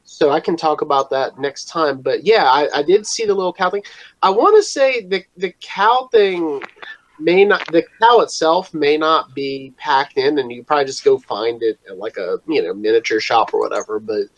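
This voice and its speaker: A man chatting on a podcast with a fairly high voice, rambling and joking at his own expense. His sentences wander and trail off. The sound is dry and dull, as if from a cheap home mic. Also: normal speed, no echo. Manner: rambling, self-deprecating, trails off. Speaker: podcast co-host. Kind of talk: casual chat.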